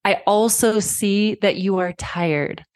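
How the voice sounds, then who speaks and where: A woman in her thirties hosting a parenting podcast, talking straight to the listener in a warm, reassuring way, like a friend. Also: medium pitch, slow pace, no echo. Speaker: podcast host. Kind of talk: podcast monologue.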